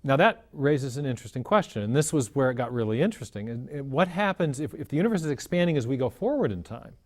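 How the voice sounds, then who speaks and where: Measured man explaining science. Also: mid-range voice, sing-song, a little mellow. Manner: measured, often restarts phrases. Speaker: guest explaining cosmology. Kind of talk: explanatory lecture-style talk.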